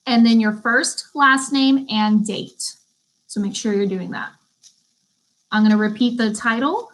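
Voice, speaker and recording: A woman's voice: on the high side, fairly even intonation, takes it slowly, rough recording. A young woman, teaching a beauty school class over a live stream in a chatty way and reading out viewers' comments.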